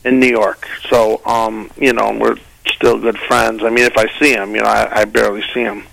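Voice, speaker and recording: Gravelly-voiced male comedian telling stories. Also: fairly low pitch, moderate pace, rough recording. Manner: animated, slips into voices for quoted people. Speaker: guest comedian. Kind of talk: casual storytelling.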